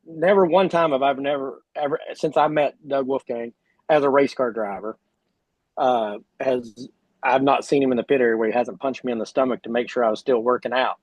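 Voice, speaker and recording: A man's voice: medium pitch, steady tone, brisk, dry recording, muffled recording. Rambling man with an Oklahoma drawl. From Oklahoma, USA. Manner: rambling, full of "you know" and restarts. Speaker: guest, sprint car driver. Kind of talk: casual podcast chat.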